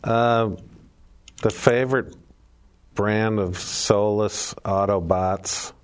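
Man with a low voice; dry, wry panelist. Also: fairly even intonation, drawn-out words, clean tone. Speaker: car show panelist. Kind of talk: casual podcast chat.

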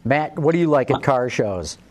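Male host with a mid-range voice; brisk, moves the panel along. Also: mid-range voice, animated. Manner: brisk, steers the talk with questions. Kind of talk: casual podcast chat.

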